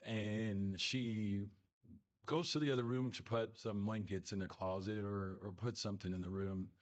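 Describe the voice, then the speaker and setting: A man casually telling a family ghost story in a rambling, halting way full of fillers. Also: fairly low pitch, fairly even intonation. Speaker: listener telling a submitted story.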